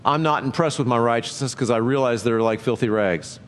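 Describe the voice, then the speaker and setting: A man preaching a sermon in a conversational way, asking his listeners many rhetorical questions and often jumping up in pitch for emphasis. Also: a little fast, slight background noise. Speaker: pastor.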